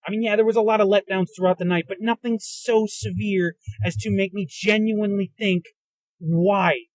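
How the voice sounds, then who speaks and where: A man's voice: high voice, steady tone, a little fast, dry recording, low-quality recording. A man hosting a podcast, delivering an agitated, profane solo rant while riding in a car. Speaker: podcast host. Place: inside a moving car. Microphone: handheld recorder in a car.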